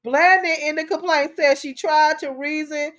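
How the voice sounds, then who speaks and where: A woman's voice: high voice, steady tone, moderate pace, a bit bright. A middle-aged woman hosting a talk show, giving emotional commentary on a news story, preachy and impassioned and repeating herself.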